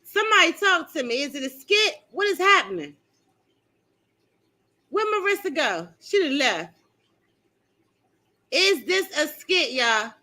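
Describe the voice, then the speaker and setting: A middle-aged woman hosting a live stream from home, chatting with viewers in an animated, exclaiming way and laughing often. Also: high-pitched, unhurried, long pauses.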